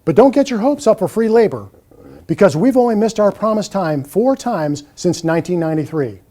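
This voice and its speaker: A man reading as a cheerful small business founder, reassuring callers on hold. The voice is high and expressive with a mellow tone. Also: fairly quick. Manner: friendly, reassuring sales pitch. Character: small business owner recording phone greeting. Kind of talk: scripted on-hold message.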